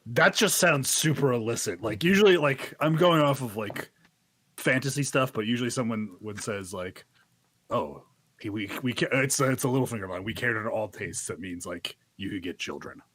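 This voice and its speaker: A man's voice: mid-range voice, fairly quick, fairly bright tone, dry recording. A man co-hosting a casual podcast, teasing and wry while chatting about sports. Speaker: podcast co-host. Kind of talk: casual chat.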